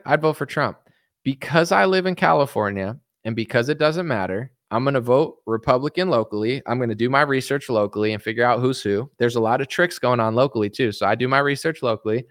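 In clean, echo-free studio audio, an American man replies to viewer comments during a casual reaction chat. His mid-range voice moves a little fast, and he comes across as rambling, blunt and defensive, leaning heavily on fillers.

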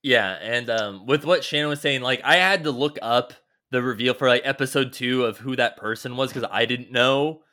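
Podcast co-host, male, mid-pitched, loose and rambling, peppered with fillers and swearing. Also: normal speed, pushed and bright. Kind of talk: casual chat recapping a TV show.

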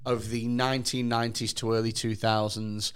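A man's voice: mid-range voice, flat delivery, normal speed, fairly bright tone, clean tone. A man in casual podcast chat, sweary, telling stories animatedly with frequent restarts.

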